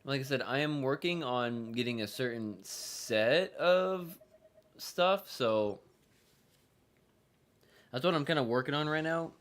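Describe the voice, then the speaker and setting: A man at middle pitch talks through his game session in a loose, rambling way. He circles back on his words and repeats himself. Casual swearing slips into his commentary. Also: slow pace, pauses often, a bit bright. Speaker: gaming streamer.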